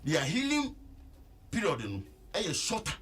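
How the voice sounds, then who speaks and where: A Ghanaian man giving relationship counsel on radio, slow and emphatic, repeating points to stress them. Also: a little high, wildly swooping pitch, a bit bright, slightly rough. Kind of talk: radio advice talk.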